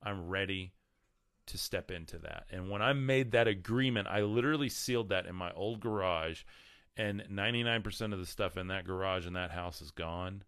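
A man giving a casual spiritual talk to his viewers, rambling with repeated words and many ums, slowing down for emphasis. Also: low voice, fairly bright tone, clean tone, no room sound, studio quality. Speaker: spiritual teacher.

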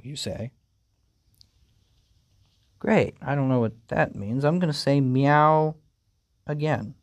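Slow, deadpan game commentator. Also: medium pitch, creaky, no echo, clean studio sound. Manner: deadpan, amused, reading game text aloud. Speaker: gaming video host. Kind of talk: playthrough commentary.

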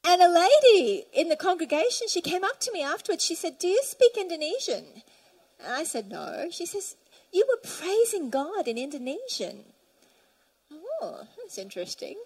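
A woman's voice: very high voice, big pitch swings, moderate pace, darkish tone, rough recording. A woman preaching a sermon in church, fervently reading scripture aloud and telling stories to her congregation.

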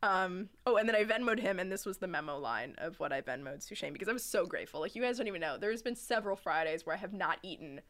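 A woman's voice: lowish voice, animated, quick pace, hardly any pauses, fairly bright tone. Chatty young woman telling a story. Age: young adult. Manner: rambling storyteller, laughs often. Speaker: podcast host. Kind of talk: casual chat.

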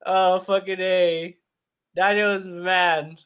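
A man's voice: high voice, slow pace, clean tone. A young man, a podcast co-host, telling a profane, laughing story among friends. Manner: profane, laughing, animated retelling.

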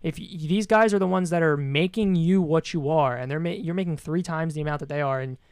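A man's voice: on the high side, fairly quick, clear, resonant tone, no room sound, studio quality. A man co-hosting a casual sports podcast, talking in a loose, rambling way. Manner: rambling, lots of fillers and restarts. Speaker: podcast co-host.

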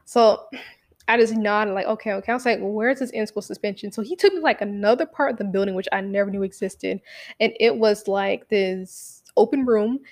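A young woman telling a casual story about her own life, profane and animated, full of fillers and acted-out quotes. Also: mid-range voice, normal speed.

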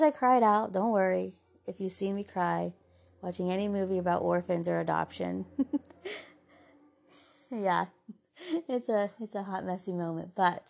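A woman hosting a podcast, giving an earnest, heartfelt, faith-based talk of encouragement that often softens into gentle asides. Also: mid-range voice, vocal fry. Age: adult mother. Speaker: podcast host.

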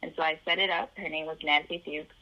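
A woman's voice: deep voice, steady tone, quick pace, sharp tone, lo-fi sound. A woman from the Chicago area telling her life story in an interview, acting out the voices of the people in it.

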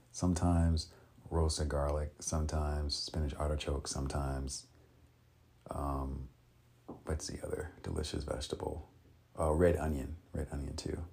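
A man vlogging in a casual, rambling way, with many pauses and restarts. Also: a bass voice, vocal fry, mellow, husky. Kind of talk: casual chat.

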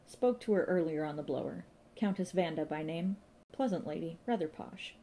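A woman reading an audiobook voices a brisk, officious male police inspector who talks in a formal, clipped, commanding way. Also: low voice, lively intonation, warm tone, slight background noise.

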